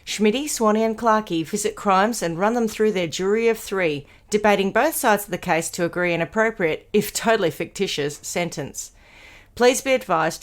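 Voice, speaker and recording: A woman hosting a casual podcast chat, recovering from an illness, talking easily and laughing often from a home room padded with bedding. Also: medium pitch. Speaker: podcast host. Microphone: home podcast mic.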